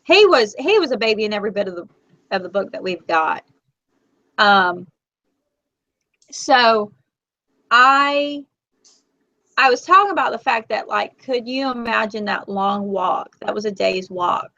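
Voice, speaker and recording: A woman in her forties hosting a casual live chat, talkative and emotional, quick to tear up. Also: medium pitch, animated, sharp tone, dry recording. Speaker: host. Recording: dull, lo-fi, dry.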